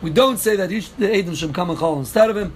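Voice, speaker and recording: A man's voice: sits high, fast talker, a little hiss or hum. A man teaching a daily Talmud class, explaining step by step, repeating key phrases and answering students' questions.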